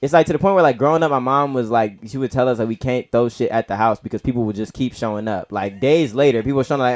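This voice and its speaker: Young guy, Nigerian heritage, open-mic stand-up; middle-pitched, slangy, rambling, spikes loud when acting out bits. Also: fast, few pauses. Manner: rambling, heavy slang, frequent "you feel me" and "bro"; gets loud and high-pitched acting out stories. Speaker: stand-up comic. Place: comedy club open mic.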